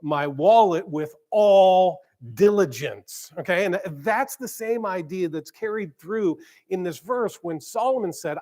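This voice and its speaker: A man, a church pastor, preaching conversationally with stumbles and repeated words, slowing down to stress key phrases. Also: sits high, mellow. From grew up in a small town. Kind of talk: sermon. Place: church sanctuary.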